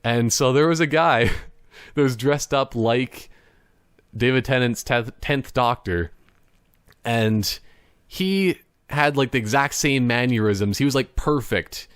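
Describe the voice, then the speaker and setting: Rambling young man with a smooth voice. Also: mid-range voice, slow pace, fairly bright tone, no echo, clean studio sound. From Canada. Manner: rambling, laughs often, slips into playful impressions. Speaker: podcast host. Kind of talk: casual solo chat. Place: indoors at a computer.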